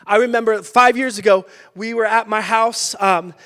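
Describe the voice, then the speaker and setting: A male pastor giving a sermon, telling a personal story with lively energy and sudden shouted bursts. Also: high-pitched, moderate pace, clear, resonant tone. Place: church sanctuary. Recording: church hall with long reverb.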